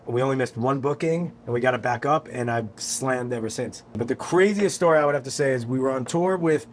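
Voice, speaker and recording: A man from New York, a guest musician, telling a story on a podcast in a casual, animated, profane way. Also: medium pitch, a little fast, a little hiss or hum. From New York, USA. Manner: animated, profane, acts out quotes.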